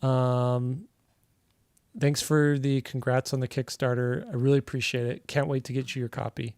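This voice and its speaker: A man chats loosely while he draws on a livestream, wandering through a story with plenty of "like" and "you know". His voice is mellow and dark, and it sounds dry and close, with no room around it. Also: medium pitch, little pitch movement, moderate pace, clean tone, no echo. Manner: rambling, storytelling with many fillers. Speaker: artist livestream host. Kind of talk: casual livestream chat while drawing.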